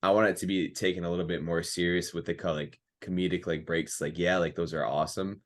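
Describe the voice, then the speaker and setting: A man's voice: deep voice, little pitch movement, fast. A man chatting casually on a movie podcast, hesitant and rambling, full of "like" and "um". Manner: hesitant, full of "like" and "um", restarts often. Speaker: podcast co-host. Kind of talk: casual movie review chat.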